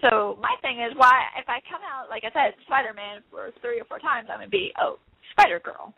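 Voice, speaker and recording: A woman's voice: on the high side, fairly quick, creaky, narrow, tinny audio. A young woman in a casual interview, talking in a bubbly, quirky way and laughing often. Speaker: interview guest, wrestler. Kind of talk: casual chat.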